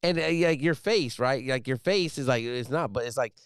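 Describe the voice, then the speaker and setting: A man's voice: mid-range voice, moderate pace, smooth, dry recording, studio quality. A man in his thirties, a podcast host, talking earnestly in casual chat, rambling with lots of fillers.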